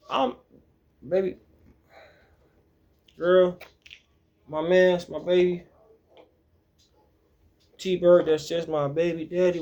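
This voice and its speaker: A man's voice: on the high side, mellow. A man delivering a profane, confrontational monologue that keeps repeating the same challenging question.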